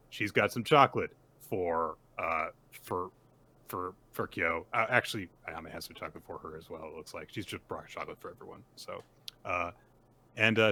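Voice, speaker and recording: A man co-hosting a podcast, recapping manga chapters in casual chat and acting out the characters' lines. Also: low voice. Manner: animated retelling, acts out quoted lines. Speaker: podcast co-host.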